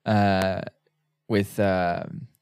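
A man's voice: sits low, little pitch movement, extremely slow, darkish tone, clean tone, no room sound. A man co-hosting a podcast in casual chat, rambling and hesitant as he retells scenes. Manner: rambling, hesitant, many fillers. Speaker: podcast co-host.

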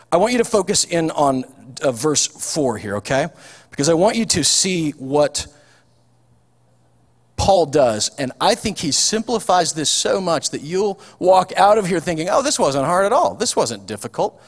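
Folksy male preacher, high voice, echoing hall. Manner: folksy, chatty preaching with frequent ums and restarts. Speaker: pastor. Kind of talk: sermon. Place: church hall. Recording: long hall reverb.

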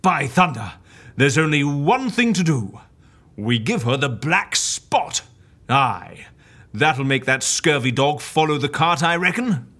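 An actor playing a boisterous office colleague who talks in theatrical pirate slang, with a bright, husky voice. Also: medium pitch, big pitch swings, slow, heavily acted. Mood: hearty piratical.

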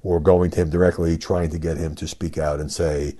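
A man's voice: a bass voice, level tone, fairly quick, mellow, breathy edge. An older man hosting a solo podcast, giving conversational commentary with fillers and emphatic rhetorical questions. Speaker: podcast host and media commentator.

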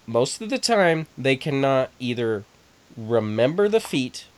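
Smooth-voiced man chatting animatedly. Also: medium pitch. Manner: animated and halting, with restarts. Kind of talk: casual podcast chat.

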